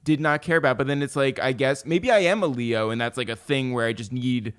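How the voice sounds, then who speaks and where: A man's voice: mid-range voice, a little fast, clear, resonant tone. A young man co-hosting a podcast, joking and teasing in casual chat. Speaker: podcast co-host. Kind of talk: casual banter.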